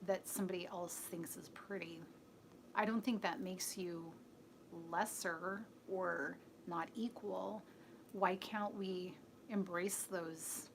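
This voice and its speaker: Woman, live-stream host, slow and unhurried, earnest, chatty, near-whispers at times, faint background hum. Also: fairly low pitch, fairly bright tone. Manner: earnest, chatty, answers the chat aloud, often drops to a near-whisper. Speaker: live-stream host reading viewer comments. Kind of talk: casual opinionated monologue.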